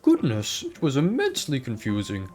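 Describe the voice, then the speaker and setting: A woman's voice: rumbling low, wildly swooping pitch, moderate pace, a little mellow, faint music behind, exaggerated voice. Woman doing a polite formal male helper. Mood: fond. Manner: formal, refers to himself by name.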